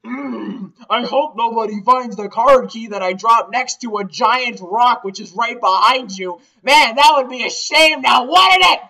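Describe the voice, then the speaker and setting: Brief: man doing smug bad-guy grunt, high and sing-song, bright and sharp. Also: measured pace, creaky, few pauses, distant mic, full character voice. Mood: sly taunting. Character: smug male villain grunt, sly and taunting. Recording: lo-fi dull mic.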